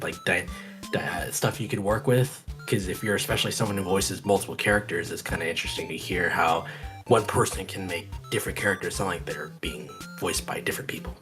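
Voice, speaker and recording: A man's voice: low voice, a bit bright. A man hosting a casual live stream, rambling and correcting himself. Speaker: host.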